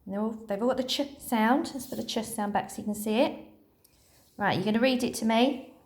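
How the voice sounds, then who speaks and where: A woman teacher leading a phonics lesson for young children, speaking slowly and encouragingly and sounding out letters one by one. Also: fairly high pitch, a little mellow.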